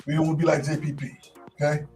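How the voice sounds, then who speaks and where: A man's voice: on the high side, monotone, rapid-fire, darkish tone, soft background music. A man hosting a casual sports talk show, laid-back, often repeating words as he thinks.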